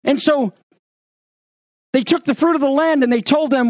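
High-voiced animated male preacher. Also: normal speed, long pauses, dry recording. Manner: animated, sarcastic, acts out the spies' lines. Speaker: pastor. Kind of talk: sermon.

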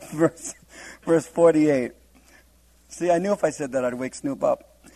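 A man's voice: on the high side, slow, mellow, poor audio. A man preaching a humorous verse-by-verse Bible teaching, laughing often and acting out the scenes in different voices.

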